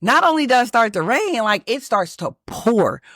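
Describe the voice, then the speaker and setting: A woman from Texas, hosting her own channel and telling a personal story in a lively, emphatic way with many restarts. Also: a little high, normal speed, no echo, clean studio sound. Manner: animated, emphatic, lots of restarts and fillers. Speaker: manifestation channel host.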